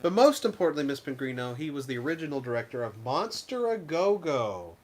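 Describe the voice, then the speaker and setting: A man co-hosting a casual game review show. He talks in an animated, rambling way and often restarts his sentences. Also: medium pitch, a little fast. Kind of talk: casual chat.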